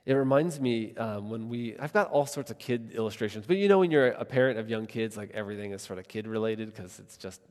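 A man's voice: on the low side, animated, brisk, few pauses, darkish tone. A man in his thirties preaching a conversational sermon as a pastor, earnest and thinking aloud with many casual asides. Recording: long reverb of a large hall.

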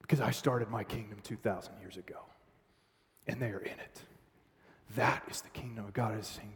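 A man preaching a sermon as pastor, dramatic, swinging between loud outbursts and hushed near-whispers. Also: mid-range voice, fairly even intonation, a little fast, in a large hall.

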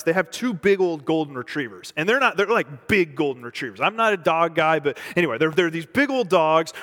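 A man preaching a sermon as pastor, swinging between loud emphasis and hushed, near-whispered lines. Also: sits high. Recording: long reverb from a large hall.

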